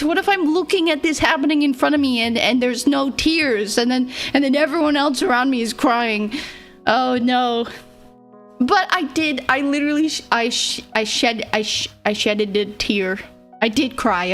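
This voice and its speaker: A woman's voice: fairly high pitch, fairly bright tone. A young woman streamer telling a story to her live chat in a casual, rambling way, giggling often and joking about herself. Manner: giggly and rambling, laughs often between phrases; self-deprecating, playful. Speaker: VTuber streamer.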